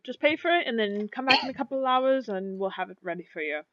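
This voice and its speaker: A woman playing a nervous high elf tailor. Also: expressive, fast talker, no room sound, close to an everyday voice. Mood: eager. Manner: jumpy, fussy, keeps a long sword at hand. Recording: dull lo-fi mic.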